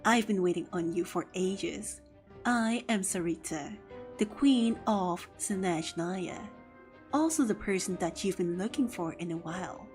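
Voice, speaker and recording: A woman voicing an aloof, cold-voiced female queen in a game-character impression, soft and hazy in tone. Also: medium pitch, measured pace, faint music behind, lightly acted. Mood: aloof, welcoming.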